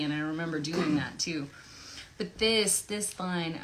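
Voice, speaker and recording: A woman voice actress chatting casually and effusively while signing autographs, thinking out loud as she goes. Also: on the low side, lively intonation, unhurried. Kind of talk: casual livestream Q&A chat.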